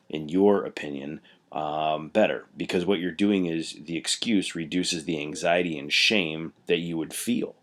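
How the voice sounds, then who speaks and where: A man's voice: extremely low pitch, fairly bright tone. A male teacher giving a recorded lecture, explaining with everyday examples in a conversational way with frequent fillers. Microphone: computer mic while scrolling through notes.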